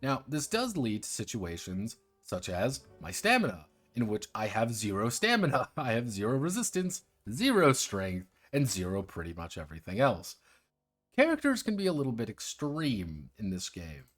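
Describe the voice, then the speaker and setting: With huge pitch swings, a medium-pitched, fairly bright male voice moves at a moderate pace over faint music. He casually reviews tabletop roleplaying games on a stream, sardonic and irreverent, swearing freely while walking viewers through the rules.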